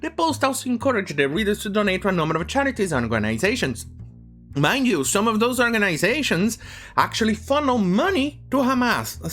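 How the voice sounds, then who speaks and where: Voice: mid-range voice, fairly bright tone. A commentator delivering an opinionated news rant, full of asides and restarts. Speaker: online commentator.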